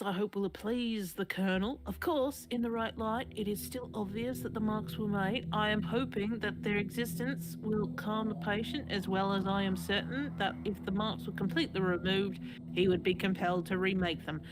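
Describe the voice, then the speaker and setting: A grave wartime doctor in a Cockney accent, put on by a woman writes up his patient notes, his slow, measured delivery drawing out each phrase. The voice sits at an ordinary middle pitch. Behind it, a clear hiss of stream noise runs under the reading. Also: natural voice. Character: male wartime doctor writing his journal. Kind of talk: live reading of a journal-style horror story. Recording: noisy live stream audio.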